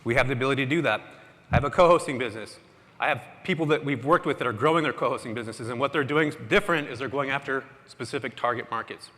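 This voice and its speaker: A man giving an energetic, casual motivational talk to a live audience in a large hall, often quizzing the crowd. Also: medium pitch, fast. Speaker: conference speaker. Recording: echoey hall with long reverb.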